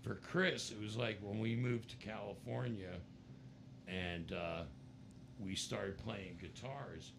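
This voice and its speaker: An American man, a rock musician, telling stories in a casual interview, animated and breaking into laughter and voices. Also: takes it slowly, gravelly, background noise. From United States. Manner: animated, jumps into high-pitched voices and laughs. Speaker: musician guest.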